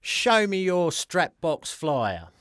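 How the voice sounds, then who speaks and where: A man voicing a gruff, scheming con man salesman who is in a hurry. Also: a little high, sing-song, slow, fairly bright tone, no room sound, clean studio sound, pitched above the performer's own voice, exaggerated voice. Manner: gruff, impatient.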